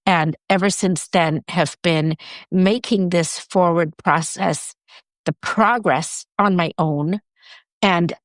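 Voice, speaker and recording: A woman guest in an interview, telling her story in an animated way and acting out what people said with big jumps in her voice. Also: no room sound, clean studio sound. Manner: animated, acts out quoted speech with big pitch jumps. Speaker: guest, writer and director.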